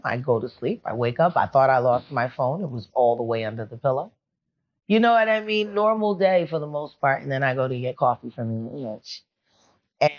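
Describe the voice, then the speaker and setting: A woman guest on a podcast, telling a personal story in a rambling, confiding, emotional way. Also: very deep voice. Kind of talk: candid storytelling interview. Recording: muffled lo-fi sound.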